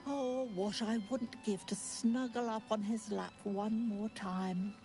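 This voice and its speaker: Tara, a doting genteel cat. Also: female voice, medium pitch, fairly even intonation, takes it slowly, over music. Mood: fond. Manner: genteel, affectionate endearments. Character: prim talking female cat, fond and doting. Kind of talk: video game voice acting.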